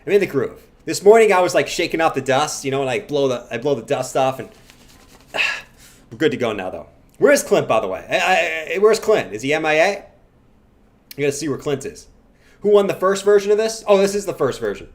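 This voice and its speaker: A man hosting a casual livestream who banters playfully with his chat, then talks through chart analysis, with sudden loud chanting bursts. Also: fairly high pitch, sing-song, brisk. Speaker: livestream host.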